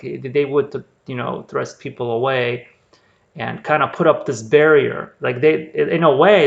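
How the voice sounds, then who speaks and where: Man, Bible teaching, rambling, filler-heavy, gravelly voice, dull lo-fi sound. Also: mid-range voice, fairly bright tone. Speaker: preacher. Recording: dull lo-fi recording.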